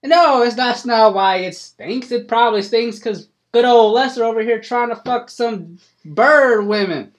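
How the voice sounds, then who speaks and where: A man voicing a crude, gossipy old farmer with a put-on Southern hillbilly drawl, loud and folksy, for a tabletop game. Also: very high-pitched, a little slow, pitched above the performer's own voice. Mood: delighted.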